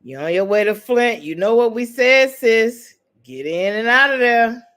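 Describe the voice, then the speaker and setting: On a relaxed livestream, a host greets viewers by name and jokes around in playful slang, drifting easily between teasing and storytelling. The voice sits mid-range in an ordinary register and moves a little slowly, suited to casual live chat with the audience.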